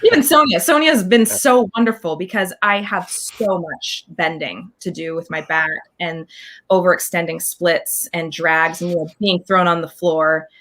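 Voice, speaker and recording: A woman guest talking in an animated, casual interview, scatting rhythms and acting out what others said. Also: on the low side, moderate pace. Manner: animated, scats dance counts, acts out quotes. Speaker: guest performer.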